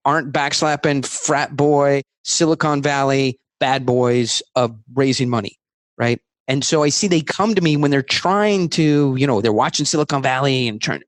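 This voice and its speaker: A man talking as a guest on a podcast interview, emphatic and rapid-fire, acting out his sales talk. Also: fairly high pitch, dry recording.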